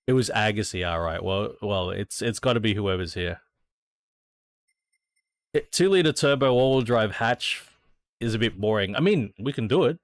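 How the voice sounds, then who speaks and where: A man's voice: lowish voice, expressive, normal speed, pauses often, no echo, studio quality. An Australian man streaming a racing sim, chatting casually to viewers, thinking aloud and swearing freely. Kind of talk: casual gameplay chat.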